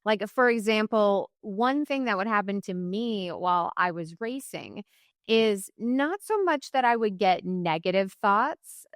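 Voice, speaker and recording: A woman in her forties, a running coach, talking casually as an interview guest, lively and laughing often. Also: medium pitch, unhurried, no echo, studio quality. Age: 40s. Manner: lively, laughs often, acts out quoted voices.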